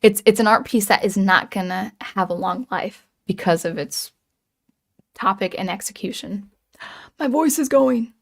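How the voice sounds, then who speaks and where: A woman's voice: mid-range voice, fairly even intonation, moderate pace, creaky. A woman hosting a livestream, reading chat comments and musing aloud in casual chat, hesitant with many ums and restarts.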